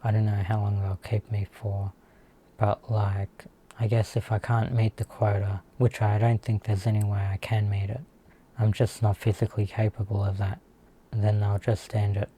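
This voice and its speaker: Australian man, vlogger, low flat husky voice, hesitant aggrieved rambling. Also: normal speed, a little hiss or hum. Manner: hesitant, full of "like" fillers, aggrieved. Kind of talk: casual monologue about work.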